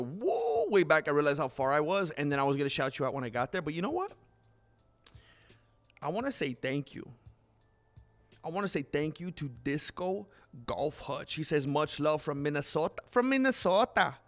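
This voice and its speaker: A man's voice: a little high, fairly bright tone. A man hosting a casual live stream, chatting loosely to his viewers, calling them "bro" and laughing often. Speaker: livestream host.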